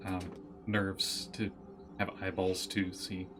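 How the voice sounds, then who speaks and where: A man playing in a tabletop game, chatting in a playful, animated way. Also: sits low, takes it slowly, noisy background. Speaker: player. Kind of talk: casual tabletop game play.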